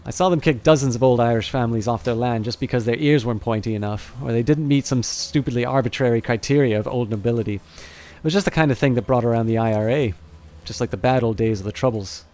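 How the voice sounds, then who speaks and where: A man's voice: medium pitch, fast talker, hardly any pauses, darkish tone, natural voice. A man voicing a brash, wry former ranger turned mercenary, blunt and folksy, in a near-everyday voice.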